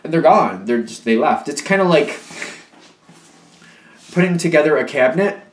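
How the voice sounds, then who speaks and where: A man's voice: a little high, lively intonation, normal speed, a little hiss or hum. A young man giving a casual tarot reading, talking in a loose, repetitive, conversational way. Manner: conversational, repetitive, acts out imagined voices of the listener. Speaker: tarot reader. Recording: echoey room.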